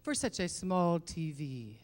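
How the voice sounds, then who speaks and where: A woman's voice: fairly low pitch, big pitch swings, slow pace, a little mellow, voice pushed down. A woman voicing her eager Egyptian husband in a light put-on Middle Eastern accent, coaxing like a salesman.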